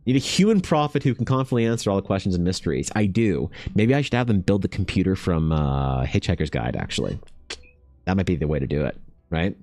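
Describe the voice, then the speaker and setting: A man's voice: sits low, animated, fast, a little mellow, dry recording. Rambling, profane man chatting on stream. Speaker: streamer and dungeon master. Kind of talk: casual livestream chat.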